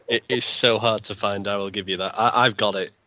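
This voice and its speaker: A man's voice: on the low side, steady tone, normal speed, dry recording, highs cut off. A man, co-hosting a casual chat, dry and teasing. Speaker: podcast co-host.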